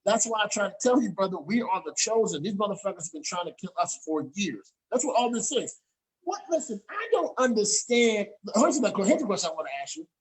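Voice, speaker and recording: A man's voice: high-pitched, big pitch swings, brisk, poor audio. A man hosting a casual talk show over a video call, ranting in a profane, heated way and often repeating himself. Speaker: show host.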